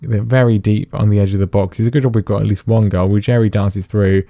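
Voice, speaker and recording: A man's voice: lowish voice, steady tone, fast, warm tone, dry recording. Dry-toned man commentating gameplay. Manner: dry, self-deprecating play-by-play with frequent fillers. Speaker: gaming channel host.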